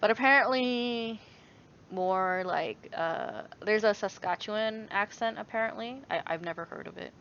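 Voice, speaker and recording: A woman's voice: medium pitch, a little slow, fairly bright tone, slight background noise. A young woman answers viewer questions in a loose, casual vlog chat. She rambles, restarts her sentences and laughs easily. The recording sounds a little dull and lo-fi. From Canada. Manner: rambling, many fillers and restarts, laughs often.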